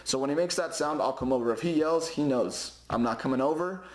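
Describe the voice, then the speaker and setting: A man's voice: a little high, fairly quick. A young man with a pet parrot giving advice in a loose, rambling way, full of fillers and restarts. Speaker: parrot owner giving care tips. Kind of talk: casual advice vlog. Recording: roomy echoey home recording.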